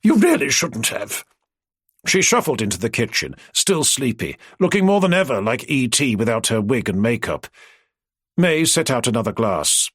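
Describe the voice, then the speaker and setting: A man narrating an audiobook in an expressive storytelling way. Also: medium pitch, moderate pace, slightly rough, no echo, studio quality.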